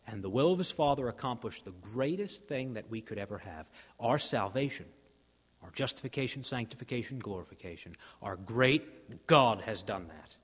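A man preaching a sermon, emphatic, rising in force on key lines and dropping low for quoted voices. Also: fairly bright tone, slightly rough. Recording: hall reverb.

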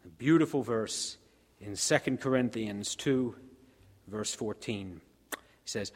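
A man preaching a sermon, asking rhetorical questions and swinging between soft and emphatic delivery. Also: on the low side, takes it slowly. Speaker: pastor. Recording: long reverb of a church hall.

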